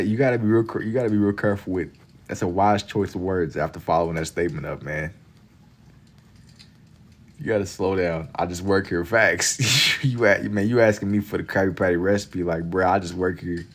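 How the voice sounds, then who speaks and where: A young man with a very low voice talks loosely to his chat while he draws, slangy and relaxed. He streams from a home setup with casual banter. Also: fairly quick. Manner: laid-back slangy banter with chat, frequent laughs. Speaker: livestream artist.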